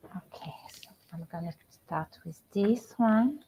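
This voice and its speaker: A middle-aged woman with a French accent, a spiritual coach hosting a casual live stream from home, talking gently with many halting restarts. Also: mid-range voice, a little hiss or hum. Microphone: computer or phone camera on a live stream. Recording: slightly dull lo-fi stream audio.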